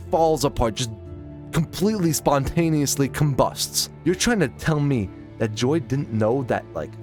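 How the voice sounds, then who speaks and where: Profane young man ranting about films. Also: medium pitch. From Minnesota, United States. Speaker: film reviewer. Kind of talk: casual opinionated ranking monologue.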